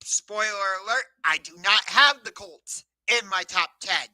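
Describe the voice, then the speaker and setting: Lively male sports talk host, bright and dry. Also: high-pitched, unhurried, no room sound, low-quality recording. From Cleveland area, USA. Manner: energetic, chatty, self-correcting. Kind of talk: live sports talk stream.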